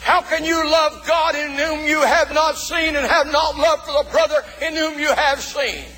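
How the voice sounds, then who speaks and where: High-voiced preacher in a reverberant church. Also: male voice, steady tone, moderate pace, faint music behind. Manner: folksy preaching with shouted emphasis and calls to the congregation. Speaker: pastor. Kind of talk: sermon. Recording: long reverb of a church hall.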